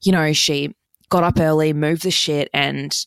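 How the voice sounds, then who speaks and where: Her low, gravelly voice sinks often into fry as this young podcast host chats through a casual storytelling monologue, swearing and saying "like" at every pause. Her intonation stays fairly even, and the sound is dry and close with no echo.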